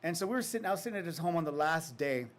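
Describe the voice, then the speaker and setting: Fairly high-voiced man reading and telling stories. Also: expressive. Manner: reflective, unhurried, with casual fillers and laughs. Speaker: author giving a faculty reading. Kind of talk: poetry reading and storytelling.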